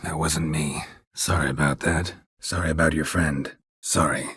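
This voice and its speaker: A weary monster hunter from a video game, his voice extremely deep and heavily husky. He speaks in short, clipped phrases with a flat, laconic calm. The recording is dry and close, with no room sound. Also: moderate pace, no echo, full character voice. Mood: curt. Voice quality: very husky, low gravelly voice. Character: gruff middle-aged male monster hunter, terse and weary. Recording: dry studio booth.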